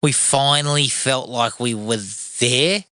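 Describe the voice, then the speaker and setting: A man's voice: medium pitch, takes it slowly, clean tone, dry recording, clean studio sound. Laid-back man chatting films. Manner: relaxed, sweary, agreeable. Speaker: podcast co-host. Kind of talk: casual film review chat.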